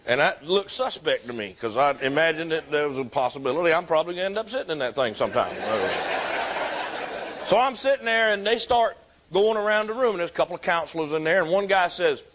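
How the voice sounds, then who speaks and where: A man in his fifties who speaks a touch higher than most men. He tells his own recovery story with animated delivery and self-mocking humor. It sounds like a personal testimony. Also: fast, a little hiss or hum.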